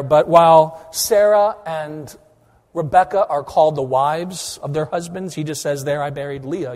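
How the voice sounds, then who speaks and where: A man preaching a sermon, a pastor who moves between loud, emphatic stretches and quiet, intimate asides. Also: fairly high pitch, in a large hall.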